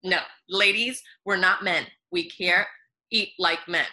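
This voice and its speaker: A woman's voice: lowish voice, takes it slowly. Bubbly, laughing nutritionist woman. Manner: bubbly, laughs often, animated asides. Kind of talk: casual podcast interview.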